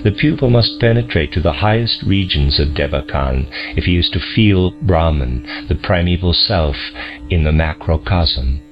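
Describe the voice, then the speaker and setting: A man reading a lecture aloud in a slow, deliberate, solemn manner, on a dull lo-fi recording. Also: low-pitched, animated, over music. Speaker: audiobook reader.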